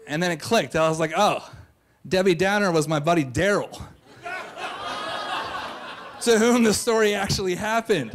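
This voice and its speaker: Cocky guy doing a funny story at a live show, voice on the high side, mic'd on stage. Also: big pitch swings, moderate pace, pauses often. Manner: brash, comic, self-mocking delivery. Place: theater stage before a live audience.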